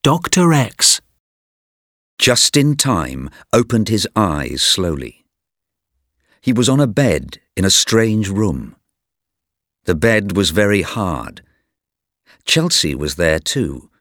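Slow, clear male storybook narrator. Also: low-pitched, sing-song, fairly bright tone, dry recording, clean studio sound. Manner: slow, clear, deliberate reading for learners. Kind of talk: scripted textbook story narration.

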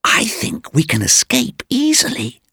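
A man voicing a calm, clever young woman in a lightly raised voice. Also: on the high side, a little slow, gravelly, slightly rough, no room sound, studio quality, voice pushed up, heavily acted.

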